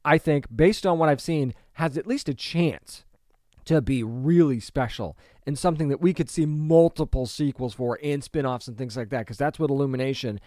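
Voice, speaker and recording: A man's voice: medium pitch, moderate pace, a little mellow, dry recording, studio quality. A man in his thirties or forties giving opinionated solo commentary, emphatic and conversational, with lots of rhetorical questions. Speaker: pop culture commentator.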